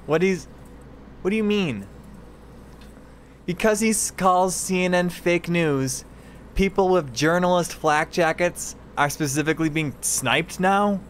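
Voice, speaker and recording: A man's voice: high voice, measured pace, a little hiss or hum. A man ranting incredulously and sarcastically while reacting to news clips, exasperated and mocking.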